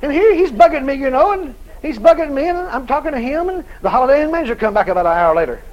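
A man's voice: extremely high pitch, fast, dull audio, a little hiss or hum. A male preacher telling a story in a sermon, laughing often and acting out every voice in it. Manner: animated, laughing storyteller who acts out the voices in his story.

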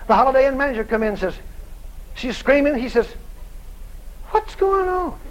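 A man preaching a sermon in a folksy, dramatic storytelling style, shouting out the lines he quotes. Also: extremely high pitch, fast talker, a little hiss or hum, rough recording. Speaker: evangelist preacher.

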